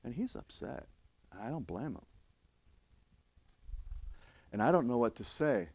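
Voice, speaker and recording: An older man, an instructor, telling a story in a lecture, emphatic and restarting his sentences, now loud, now quiet. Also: mid-range voice, very animated, unhurried, slightly rough. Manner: emphatic, with frequent restarts and swings in loudness. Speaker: fire service instructor.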